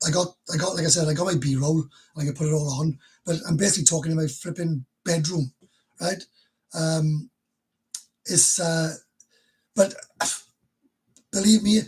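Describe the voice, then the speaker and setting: A man's voice: fairly high pitch, breathy edge. A Welsh man in his fifties, hosting a casual livestream chat from his bedroom, talking in an emotional, rambling way with laughs between sentences. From Wales. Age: 50s. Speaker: livestream host.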